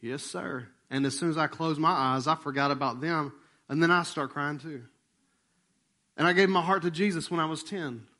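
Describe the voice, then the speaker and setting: A man preaching in a loose, conversational storytelling style, with a voice that sits a little higher than most men's. He acts out the people in his story and drops to a near hush when the moment turns tender. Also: moderate pace. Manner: animated and conversational, acts out remembered dialogue. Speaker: pastor. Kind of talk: storytelling sermon.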